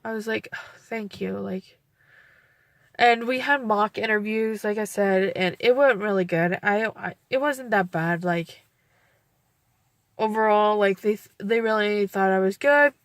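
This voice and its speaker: A woman's voice: medium pitch, a little slow, no echo. A young woman talking in a personal vlog, rambling with many fillers and close to tears. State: teary, near crying. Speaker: vlogger.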